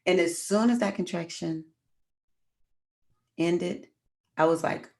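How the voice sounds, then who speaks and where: Middle-aged female host, low gravelly voice, casual, talks to her viewers as y'all. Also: slow pace, a little mellow. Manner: chatty, addresses viewers as y'all. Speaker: astrology livestream host. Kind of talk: casual storytelling livestream.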